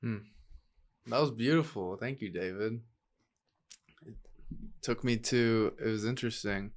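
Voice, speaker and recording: A young man from upstate New York hosts a podcast in a casual, relaxed way. He speaks haltingly and with emotion, often breaking into laughter while tearing up. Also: lowish voice. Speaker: podcast host. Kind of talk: casual chat.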